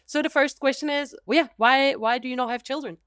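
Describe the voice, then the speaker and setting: A woman's voice: high voice, fairly quick, a bit bright, clear, resonant tone, no echo. A woman hosting a podcast, asking encouraging interview questions. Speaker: podcast host.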